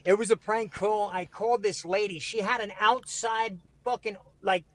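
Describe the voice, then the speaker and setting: High-voiced guy swearing through a story, former radio dj, chatting from his car. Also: normal speed. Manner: profane, animated storyteller. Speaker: podcast host, former radio DJ. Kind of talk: casual storytelling chat.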